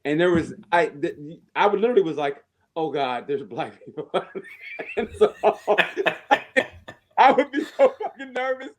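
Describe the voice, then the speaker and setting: Male stand-up comic, lively storyteller with a slightly raised voice, cursing and laughing through podcast chat. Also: high voice, moderate pace. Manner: animated storyteller, laughs often, swears freely. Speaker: stand-up comedian, podcast guest.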